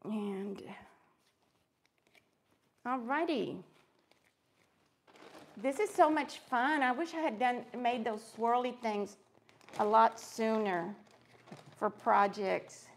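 A woman's voice: on the high side, slow pace, long pauses, slight background noise. A woman hosting a live crafting stream, chatting in an upbeat, friendly way and greeting viewers by name as she works. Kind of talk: casual live-stream chat while crafting.

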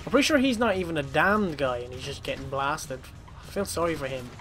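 A man commentating his own gameplay in a casual, rowdy way, swearing freely and bursting into shouts. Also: on the high side, lively intonation, brisk.

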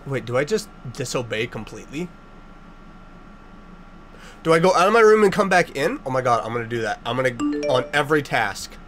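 A man hosting a casual let's-play, joking sarcastically and blurting loud startled reactions. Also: medium pitch, expressive, a little fast, long pauses, soft background music. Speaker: gaming channel host.

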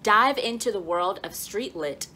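A woman hosting a casual book vlog at home, playful and animated, often laughing and dropping into stage whispers. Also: medium pitch, unhurried, a little hiss or hum. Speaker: book vlogger. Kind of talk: excited casual vlog announcement. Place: home, with dogs nearby.

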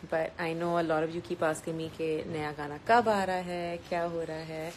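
A woman's voice: fairly low pitch, darkish tone, a little hiss or hum, rough recording. A woman chatting casually on a live stream, reading out viewer comments and mixing English with Hindi, with frequent ums. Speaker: singer hosting a live stream. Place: outdoors in sunny Goa.

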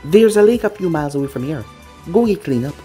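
A storybook narrator voicing a weary young ninja squad leader who scolds in a flat, tired way. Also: mid-range voice, fast talker, soft background music, natural voice. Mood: stern.

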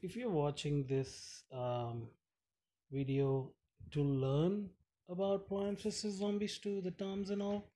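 A gaming channel host with a mellow, mid-range voice chats while playing a mobile game. His commentary is casual and rambling, giggly and packed with fillers, and there's a little hiss or hum in the audio.

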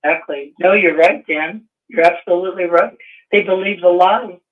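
A man's voice: high-pitched, moderate pace. A man hosting a casual conversation, affirming his guest and preaching his points. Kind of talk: casual chat. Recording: tinny phone line.

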